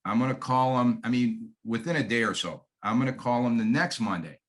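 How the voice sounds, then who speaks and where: A man's voice: mid-range voice, fairly quick, fairly bright tone. Guy training other realtors, folksy and friendly, acts out his calls and repeats the main points, normal mid voice. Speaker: real estate agent coaching other agents. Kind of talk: sales training talk with acted call scripts.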